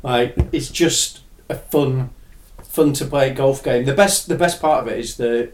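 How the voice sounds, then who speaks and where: A man's voice: medium pitch, measured pace, slight background noise. A young adult man, chatting casually and enthusiastically, swearing now and then. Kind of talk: casual chat. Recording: echoey room.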